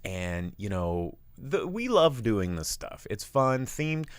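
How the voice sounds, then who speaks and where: A man co-hosting a casual live show, telling rambling, animated stories about his bar. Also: takes it slowly, clean tone, no echo. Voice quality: big booming voice when yelling. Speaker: podcast co-host and bar owner.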